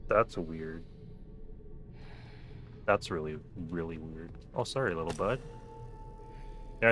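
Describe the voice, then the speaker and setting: A man's voice: deep voice, a bit bright. A man streaming a game late at night, chatting casually, joking, and talking to the characters on screen. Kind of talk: casual gameplay commentary.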